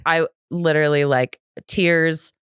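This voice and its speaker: Low-voiced woman telling her story animatedly. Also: slow pace, clear, resonant tone, no echo, clean studio sound. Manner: animated, acts out quoted voices with pitch jumps. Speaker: podcast guest. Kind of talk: candid personal storytelling.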